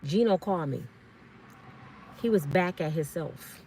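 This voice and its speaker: A woman's voice: low-pitched, animated, unhurried, warm tone, a little hiss or hum. A middle-aged woman telling a personal story to her live-stream viewers in an earnest, pleading way, often repeating herself. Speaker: vlog host.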